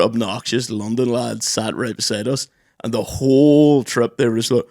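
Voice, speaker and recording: A young man, co-hosting a podcast in a studio and telling stories in lively casual chat, swearing freely. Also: medium pitch, fairly quick, dry recording. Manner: animated storyteller, swears freely, does loud voices. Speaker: podcast co-host.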